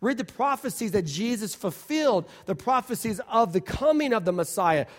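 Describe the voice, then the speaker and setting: Animated man preaching a sermon. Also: sits high, normal speed. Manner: animated, conversational, rises to emphatic declarations. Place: church worship center.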